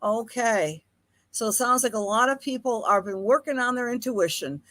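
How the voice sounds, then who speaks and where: A woman's voice: a little high, normal speed, fairly bright tone. A woman with a Buffalo accent, hosting a live-streamed astrology talk in a chatty, affectionate way and greeting viewers by name. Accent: Buffalo, Western New York. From Buffalo, New York. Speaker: astrologer host.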